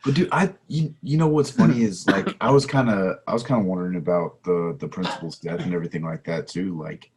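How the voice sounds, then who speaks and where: Chill guy on a movie podcast, real low and husky. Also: brisk, hardly any pauses, a little mellow. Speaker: podcast co-host. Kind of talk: casual movie chat.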